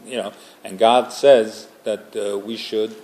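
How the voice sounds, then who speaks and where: A man's voice: fairly low pitch, fairly even intonation, slow pace, darkish tone, a little hiss or hum. A man teaching an informal religious class, talking conversationally and making joking asides to the group.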